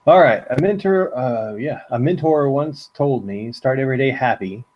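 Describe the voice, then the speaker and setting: A man's voice: mid-range voice, animated, normal speed. A man hosting a podcast, asking questions in an upbeat way that prompts his guests. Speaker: podcast host. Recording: dull lo-fi sound.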